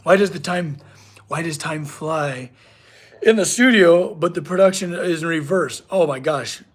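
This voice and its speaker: A man's voice: on the high side, a little slow. A young man, a blacksmith in his home shop, chatting casually on a live stream and reading chat aloud. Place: home workshop.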